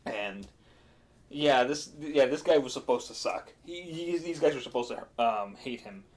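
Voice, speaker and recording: A man's voice: medium pitch, expressive, unhurried, a little mellow. Rambling man recapping a game. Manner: rambling, with fillers and laughs. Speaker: game master. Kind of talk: casual chat stream.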